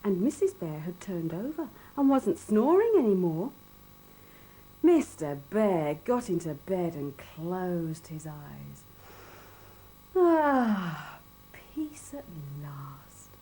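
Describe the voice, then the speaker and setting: A woman reading a children's story aloud in an expressive, sing-song, playful way. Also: lowish voice, measured pace, slight background noise, poor audio.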